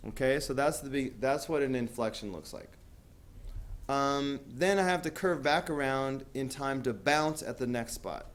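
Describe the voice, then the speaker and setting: A man's voice: medium pitch, normal speed. A man teaching a math class, talking casually with lots of fillers and asking students questions. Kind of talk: classroom lecture.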